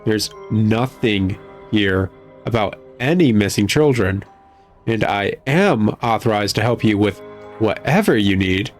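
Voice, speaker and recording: Man voicing a prim librarian lady, sweetly condescending, raised pitch, game. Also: animated, unhurried, faint music behind. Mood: shaken. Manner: prim, sweetly condescending, calls people dearie. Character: fussy middle-aged woman librarian, prim, secretive, easily rattled.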